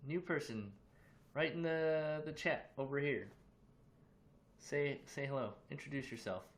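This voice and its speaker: A man's voice: on the high side, unhurried, slight background noise. Loose, chatty man hosting a livestream. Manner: loose, chatty, greets viewers with questions. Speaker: livestream host. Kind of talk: casual livestream chat. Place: his own room.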